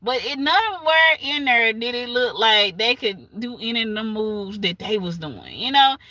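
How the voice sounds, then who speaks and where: A woman's voice: on the high side, expressive, measured pace, pushed and bright, no echo. A woman, rambling in a casual livestream chat and laughing often.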